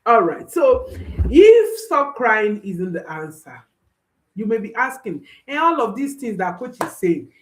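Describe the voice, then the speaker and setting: A woman speaking as a parenting coach gives an instructional talk in a mid-range, slightly mellow voice. She repeats key phrases for emphasis and reassures listeners directly. The recording is rough.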